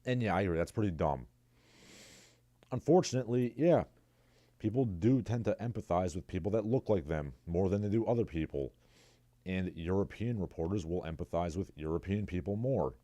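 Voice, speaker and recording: A man's voice: low-pitched, expressive, moderate pace, warm tone, dry recording. A man hosting his own livestream, talking alone in a sarcastic, rambling way and reading out viewers' chat messages. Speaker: livestream host. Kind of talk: casual solo commentary.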